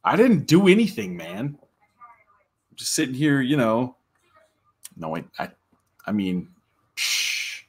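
A man's voice: mid-range voice, wildly swooping pitch, slow, pauses often, breathy edge. A man talking casually to viewers on a livestream, chatty and laughing often. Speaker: livestream guest.

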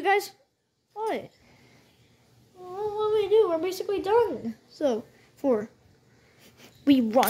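A woman doing playful toy role-play, voicing every character with bouncy, excitable lines and frequent sound effects. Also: very high voice, slow pace, long pauses.

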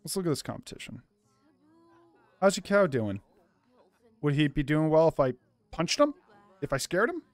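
A man's voice: fairly high pitch, sing-song, moderate pace, long pauses. A young man casually commentating a life-sim game for his channel, joking around and calling himself a little loopy. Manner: goofy, self-described loopy, jokey asides to the viewers. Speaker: gaming YouTuber. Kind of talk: let's play commentary.

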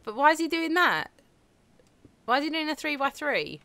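A woman with a British accent, chatting casually while playing a game, giggling often and breaking into quick exclamations. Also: sits high, big pitch swings, pushed and bright. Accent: British English. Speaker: let's play co-host. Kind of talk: casual gaming chat.

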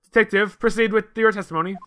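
A man's voice: high-pitched, fairly even intonation, fast, pushed and bright, clear, resonant tone, voice pushed up. Stern old judge, as a man reads him.

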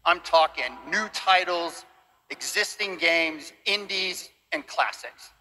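A man's voice: a little high, lively intonation, takes it slowly, bright, forceful tone, slight background noise, rough recording. A man, a studio co-founder, giving an earnest, emotional stage presentation of a new series. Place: large event stage.

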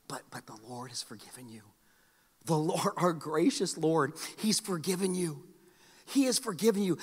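A male pastor preaching a sermon, animated, with joking asides and repeated phrases. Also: high-pitched, slightly rough, in a large hall. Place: church sanctuary.

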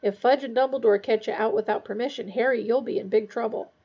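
A woman voicing a large, grieving gamekeeper who speaks in a shaky, halting way. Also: fairly high pitch, steady tone, husky, highs cut off.

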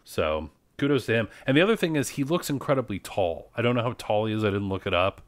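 A man's voice: fairly low pitch, expressive, fast, dry recording. A man co-hosting a podcast in casual, rambling chat, often saying "like". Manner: chatty, rambling, heavy use of "like". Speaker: podcast co-host.

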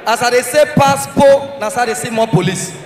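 High-voiced Nigerian comedian shouting in an echoey hall. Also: male voice, brisk, over music. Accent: Nigerian Pidgin. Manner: animated storytelling, bursts into loud shouted impressions. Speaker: stand-up comedian. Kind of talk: stand-up comedy. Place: large live comedy hall.

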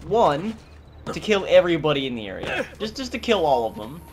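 A man's voice: fairly high pitch, big pitch swings, a little fast, slight background noise. A man co-hosting game commentary, riffing sarcastically with absurd jokes. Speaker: co-host. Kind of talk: let's play commentary.

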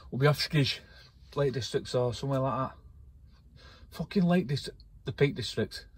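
A man's voice: medium pitch, fairly even intonation, fairly quick, slightly rough. A man, talking casually and rambling in a vlog from his camper van, swearing a lot and getting worked up. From North West England. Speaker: vlogger.

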